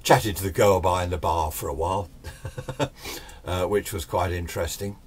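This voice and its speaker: A man's voice: sits low, fairly even intonation, normal speed, slight background noise. An older man telling a ghost story in a rambling, chatty, self-deprecating way. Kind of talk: casual spoken ghost story.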